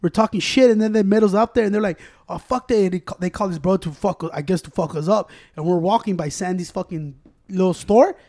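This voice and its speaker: Chicago mexican-american guy, fast high voice, cussing and mixing spanish into casual stories. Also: darkish tone. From Chicago, USA. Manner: rapid, profane, code-switching between English and Spanish. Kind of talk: casual storytelling chat.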